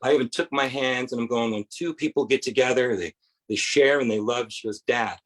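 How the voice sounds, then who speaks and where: A man's voice: medium pitch, brisk, poor audio. A man doing a rambling stand-up set on a bar stage, with quoted voices in his stories. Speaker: stand-up comedian.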